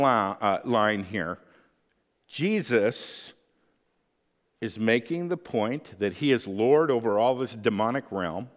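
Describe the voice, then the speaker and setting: A man's voice: mid-range voice, long reverb tail. A man preaching a sermon as pastor, conversational, often checking in with the listeners with tag questions.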